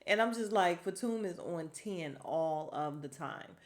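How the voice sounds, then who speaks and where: A woman's voice: on the low side, lively intonation, unhurried. A woman recapping a reality show on her podcast in a chatty, exasperated way, acting out the cast's lines. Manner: chatty and exasperated, acts out cast members' lines. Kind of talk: casual solo recap.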